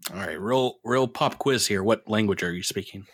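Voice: mid-range voice, normal speed, breathy edge, dry recording. A game master narrating a tabletop role-playing game in a playful, amused way.

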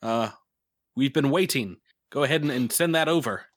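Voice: medium pitch, moderate pace, no echo, studio quality, pitched above the performer's own voice, close to an everyday voice. Game master doing an impatient radio sergeant. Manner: brusque, hurrying orders. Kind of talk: tabletop role-play voice.

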